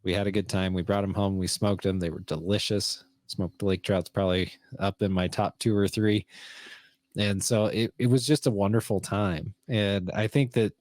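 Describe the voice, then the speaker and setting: A man's voice: fairly low pitch, fairly even intonation, normal speed, darkish tone, no room sound. A middle-aged man co-hosting a podcast, telling fishing stories in an easygoing, casual way. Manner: storytelling, easygoing. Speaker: podcast co-host. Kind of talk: casual conversation.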